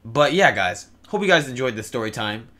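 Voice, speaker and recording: A man's voice: medium pitch, expressive, brisk, pushed and bright. A young man telling a story in a rambling vlog, with many fillers and stammered restarts. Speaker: vlogger.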